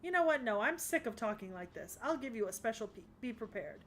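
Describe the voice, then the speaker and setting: A woman voicing a haughty goddess who rules the underworld, grandiose and commanding but quickly flustered, in an English anime dub. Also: lively intonation, slight background noise, close to an everyday voice. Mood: imperious. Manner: grandiose and imperious, then flustered and shrill. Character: haughty goddess queen of the underworld, proud yet easily flustered.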